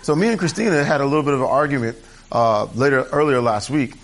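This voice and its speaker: A man's voice: medium pitch, lively intonation, fast talker. A man preaching a conversational sermon to his church, candid and chatty, drifting into asides and restarting his sentences. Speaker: pastor. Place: church service.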